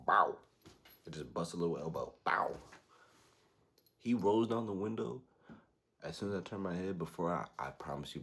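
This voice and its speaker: Very deep-voiced young man with gravelly fry. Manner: slangy, animated, quotes people in put-on voices. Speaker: podcast host. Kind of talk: casual storytelling.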